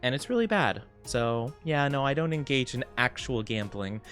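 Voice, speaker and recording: A man streaming as a VTuber, chatting casually with viewers while he plays and reading chat aloud. He rambles and laughs often, and gets excited when he greets people. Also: mid-range voice, normal speed, faint music behind.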